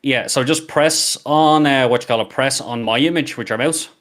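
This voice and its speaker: A man's voice: medium pitch, moderate pace, a bit bright. A man chatting casually over a voice call as a co-streamer, laid-back and rambling, swearing now and then. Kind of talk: casual chat.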